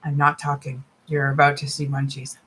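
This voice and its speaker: A woman's voice: extremely low pitch, completely flat delivery, normal speed, fairly bright tone, slightly rough, low-quality recording. A woman live streamer, stoned, chatting casually to her viewers while eating and talking with her mouth full.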